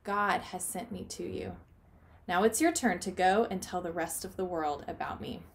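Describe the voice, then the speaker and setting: A woman voicing a gentle, calm grown man while reading a children's storybook aloud. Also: fairly low pitch, normal speed, creaky.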